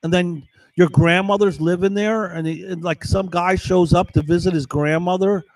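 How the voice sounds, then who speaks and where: Brief: a man ranting to camera, profane and repetitive, slightly high voice, dead-dry sound. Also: fairly even intonation, moderate pace, darkish tone, dry recording, poor audio. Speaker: vlogger. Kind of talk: rambling monologue to camera.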